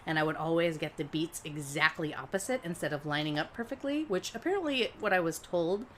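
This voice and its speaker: A woman's voice: sits low, brisk, a little hiss or hum. A woman co-hosting a podcast, chatting casually, swearing and laughing as she tells stories. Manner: laughs often, swears casually, animated storytelling. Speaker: podcast co-host. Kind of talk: casual chat.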